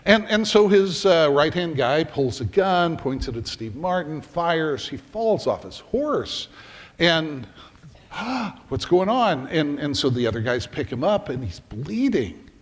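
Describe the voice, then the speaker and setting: Middle-aged guy preaching, tells stories super animated, voice bouncing all over, big echoey church hall. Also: fairly high pitch, unhurried. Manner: animated storyteller, acting out scenes. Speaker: pastor. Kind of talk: storytelling sermon. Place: church sanctuary.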